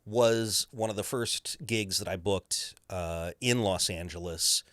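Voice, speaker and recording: A man, a voice actor, talking as an interview guest in a lively storytelling way, often slipping into character voices. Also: low voice, slow, dry recording, studio quality.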